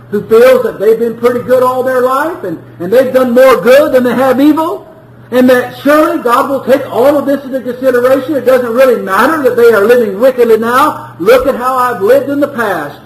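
A male preacher with a strikingly high voice delivers a sermon. He talks earnestly, doubles back on words, and lifts his voice when he pleads. The room around him rings with echo. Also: brisk.

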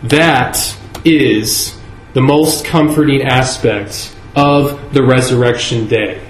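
A man preaching a sermon in a church, earnest and measured, leaning on key words with slow emphasis. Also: a little high, slight background noise. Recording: echoey room with faint ambience.

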